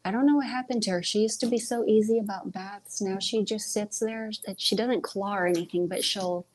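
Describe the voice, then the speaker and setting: A woman's voice: mid-range voice, steady tone, fairly quick, low-quality recording. Woman, live stream host, casual rambling chat, stumbles over words, earbud mic, faint background noise. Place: home.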